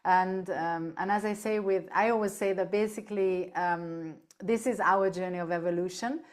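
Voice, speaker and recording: A woman speaking as a podcast guest on animal end-of-life care, telling lively stories, laughing easily and often checking in with "right?". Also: lowish voice, moderate pace. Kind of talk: casual interview chat.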